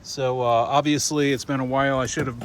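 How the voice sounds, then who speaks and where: A man's voice: mid-range voice, level tone, brisk, noisy background. A middle-aged man talking casually to his viewers in a rambling home vlog, filmed with a handheld camera. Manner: chatty, rambling, addresses viewers as "you guys". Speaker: gaming YouTuber. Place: indoors at home, then outdoors in wind. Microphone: handheld camera mic.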